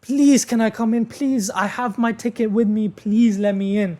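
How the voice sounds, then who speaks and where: A man's voice: fairly even intonation, normal speed, mellow, close to an everyday voice. A man voicing a frantic young woman fan who keeps begging security to let her back in. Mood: pleading. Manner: pleading, shrill, repeating herself.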